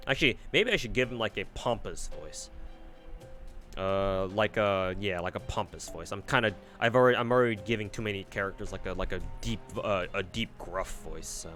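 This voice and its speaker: A man's voice: low voice, moderate pace, a bit bright. Rambling man streaming with faint music. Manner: rambling, many fillers and restarts. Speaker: streamer reading a game aloud. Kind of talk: casual live-stream chat.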